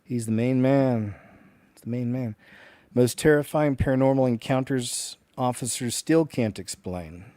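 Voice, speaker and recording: Laid-back, mellow-voiced male host. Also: mid-range voice, a little slow, no echo. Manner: laid-back and rambling, trailing off quietly. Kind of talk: casual commentary.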